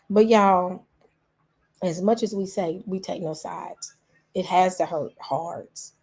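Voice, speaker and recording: A woman's voice: on the low side, steady tone, a little slow, darkish tone, husky. A middle-aged woman hosting her own vlog, talking straight to her viewers in an emotional, casual way and repeating phrases for emphasis. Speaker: vlog host.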